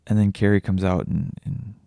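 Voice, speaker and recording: Low gravelly man confiding. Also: steady tone, warm tone, dry recording, studio quality. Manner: raw, halting, confessional, with frequent swearing and restarts. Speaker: vlogger and podcaster. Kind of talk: candid personal vlog.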